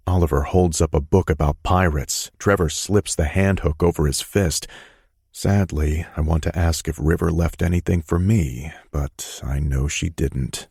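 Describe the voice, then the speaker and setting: A man narrating a romance audiobook in the first person, in a soothing, even manner. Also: very deep voice, moderate pace, husky, dry recording, clean studio sound.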